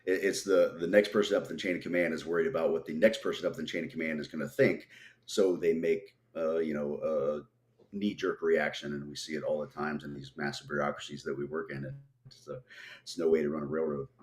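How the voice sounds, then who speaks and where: A man with an extremely low, deep voice talks through team training and failure in a relaxed podcast conversation. He gets animated and acts out the people he quotes along the way. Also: a little fast. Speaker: guest, tactical trainer.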